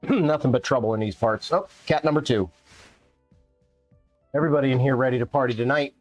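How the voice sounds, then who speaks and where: A man's voice: mid-range voice, brisk, no room sound, soft background music. A man streaming a racing game live, chatting playfully with his viewers and his cats. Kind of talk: casual live-stream chat while gaming.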